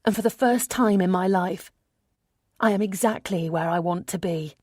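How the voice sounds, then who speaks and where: A woman narrating a first-person audiobook in a measured, intimate storytelling manner on a close studio mic. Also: mid-range voice, darkish tone, no room sound.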